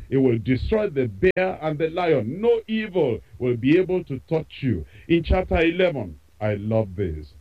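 Animated preacher man on lo-fi radio. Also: on the high side. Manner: expressive preaching with emphatic repetition. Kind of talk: sermon.

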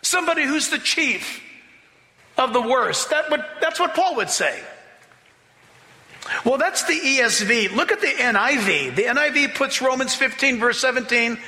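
A man with a very high, bright voice preaches a sermon in a church sanctuary. He swings his pitch widely and drags out key words for emphasis. The sound rings with a long hall reverb. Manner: animated preaching, drawn-out emphasis. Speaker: pastor.

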